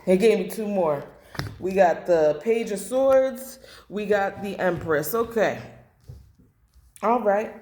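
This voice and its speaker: A woman's voice: medium pitch, lively intonation, slow pace, long pauses, a little mellow. A woman doing a blunt, emotional tarot reading to camera, repeating phrases and swearing. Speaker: tarot reader. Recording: echoey room.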